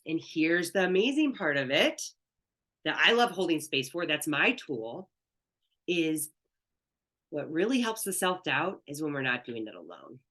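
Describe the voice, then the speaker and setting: Bright-voiced woman spiritual coach. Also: sits low, sing-song, a little slow, pauses often. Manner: earnest, conversational, candid. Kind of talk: online coaching class.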